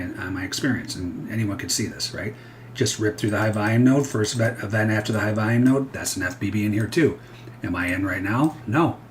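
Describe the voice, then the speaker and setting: Casting: male pro trader, lowish voice, candid and digressive, thinking aloud over charts. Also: fairly bright tone, a little hiss or hum. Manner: rambling, self-interrupting, candid. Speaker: futures trader. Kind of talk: live trading commentary.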